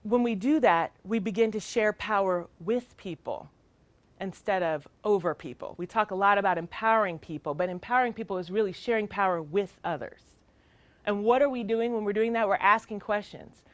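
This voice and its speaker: A woman's voice: medium pitch, lively intonation, a little fast, no echo. A middle-aged woman giving a child welfare training talk, earnest and emphatic in a conversational way.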